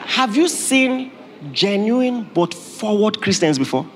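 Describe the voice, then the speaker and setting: A pastor, his voice pitched high for a man, delivers a lively, joking sermon and laughs as he goes. He sounds like he is in a hall with a long echo. A faint background hum sits under him. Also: slow. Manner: humorous, animated preaching with laughter.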